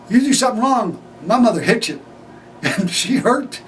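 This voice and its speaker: An older man telling family stories with a high, very lively voice that rises and falls freely. He laughs often and acts out dialogue as he goes. He is heard from a distance over faint background noise. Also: normal speed. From United States. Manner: animated, laughing storyteller acting out family dialogue. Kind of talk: personal storytelling.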